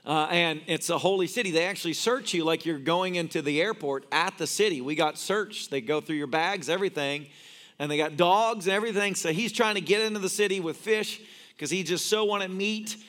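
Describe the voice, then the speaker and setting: A man's voice: sits high, fairly quick, a bit bright. A man preaching a sermon as a pastor, telling stories and cracking jokes. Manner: joking storyteller. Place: church.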